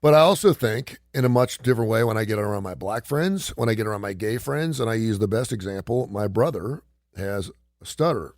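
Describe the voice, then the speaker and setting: Middle-aged radio host guy, kinda low voice, chatty, reads headlines out, dry studio mic. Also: expressive, a little fast, no room sound. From not from the South. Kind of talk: casual radio talk.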